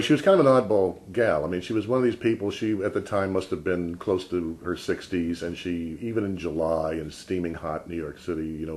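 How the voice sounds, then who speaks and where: Deep-voiced man telling a lively anecdote. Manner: animated, swinging from low mutters to excited outbursts. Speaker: vlogger. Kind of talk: casual spoken storytelling.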